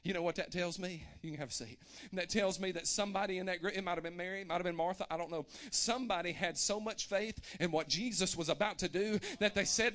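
High, bright-voiced preaching man. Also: brisk, hardly any pauses. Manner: preaches with rising fervor, shouting at climaxes; folksy and humorous, acts out people he quotes. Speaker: pastor. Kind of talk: sermon. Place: church sanctuary.

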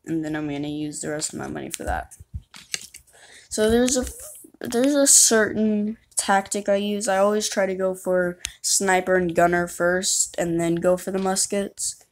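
Playing a game, a gamer rambles and chats through her commentary, frequently making self-deprecating jokes. She speaks in a lowish voice at a moderate pace, and a faint hiss or hum is audible.

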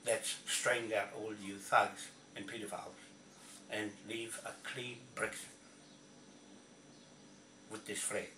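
A man's voice: on the low side, little pitch movement, takes it slowly, pauses often, pushed and bright. A man ranting angrily to camera, swearing and repeating himself in a confrontational way. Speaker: video blogger. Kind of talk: angry rant to camera. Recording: echoey, from a distance, faint noise.

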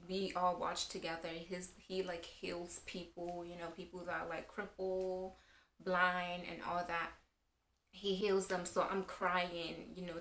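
A young woman vlogger with a lowish, fairly bright voice rambles through a personal story, packing it with fillers. It's a casual storytime, recorded in a room with noticeable echo.

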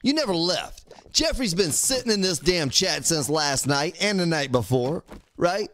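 A man with a slightly high, expressive voice streams a game at an unhurried pace, his tone fairly bright over slight background noise. It's casual gameplay commentary, full of jokes and teasing aimed at chat viewers by name.

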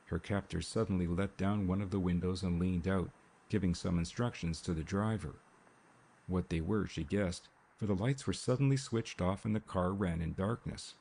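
Brief: male audiobook narrator, gravelly low voice, measured delivery. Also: darkish tone. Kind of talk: scripted narration. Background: rain sounds.

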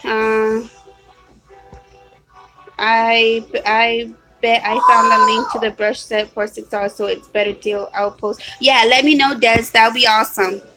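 A woman's voice: on the high side, flat delivery, measured pace, over music, poor audio. A woman chatting casually on a home live stream, apologetic and rambling, with lots of ums and restarts. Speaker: vlogger. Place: at home, hot room. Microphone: phone or webcam.

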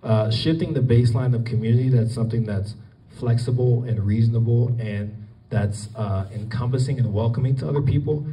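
Man speaker at an event, very dark mellow tone, loose rambling delivery full of ums, mic heard from a distance in the room. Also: mid-range voice, a little fast, a little hiss or hum. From Colorado. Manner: rambling, many fillers and restarts. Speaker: guest speaker. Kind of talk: casual public talk. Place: event hall with an audience. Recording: distant, roomy event recording.

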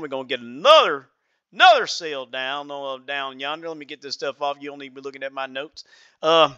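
In character as a trading analyst, a man does chart analysis voicing a folksy, self-assured Southern market trader, using a put-on Southern US accent and a drawl. His voice is on the high side, pushed and bright, with a lo-fi sound and no room sound.

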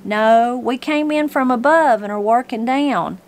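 A woman's voice: fairly high pitch, unhurried, voice pushed up, natural voice. A woman voicing a polite, eager young male surveyor. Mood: earnest. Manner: polite, earnest.

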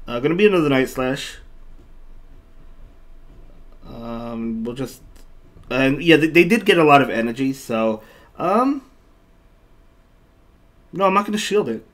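Here a man streams his online battles and comments on them at a normal speed, leaving long pauses. His mid-range voice is a bit bright with lively intonation, and he's chatty, reading chat aloud, thanking viewers, and repeating himself often.

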